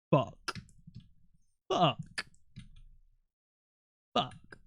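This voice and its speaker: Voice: mid-range voice, sharp tone, dry recording, studio quality. A streamer chatting casually and playfully with chat while drawing, rambling with lots of fillers.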